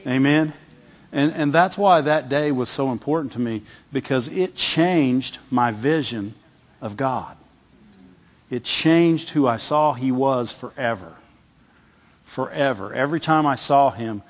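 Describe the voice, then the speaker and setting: A middle-aged male pastor giving a conversational sermon, often repeating words and asking the congregation "Amen?". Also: mid-range voice. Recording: long hall reverb, dull lo-fi sound.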